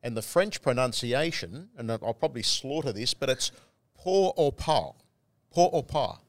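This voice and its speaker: A man's voice: medium pitch, moderate pace, fairly bright tone, no room sound, clean studio sound. Man, wry racing co-host. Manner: knowledgeable, wry, fluent racing talk. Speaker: race caller and co-host. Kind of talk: casual chat.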